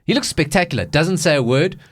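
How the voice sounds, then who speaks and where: A man co-hosting a casual podcast, retelling movie plots in an animated way and swearing freely. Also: fairly high pitch, brisk. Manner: animated storytelling, swears, acts out quotes. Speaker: podcast co-host. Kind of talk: casual chat.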